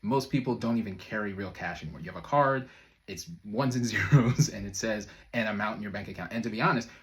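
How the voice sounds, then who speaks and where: A man acting as a manifestation coach gives a casual motivational talk to camera, loose and conversational, packed with fillers and quick chuckles. He has a lowish, fairly bright voice and talks fast.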